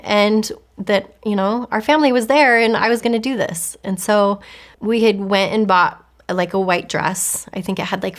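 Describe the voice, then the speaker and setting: A woman sharing her faith testimony in a candid, reflective way. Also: mid-range voice. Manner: reflective, candid, with soft laughs. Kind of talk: personal storytelling. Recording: faint music underneath.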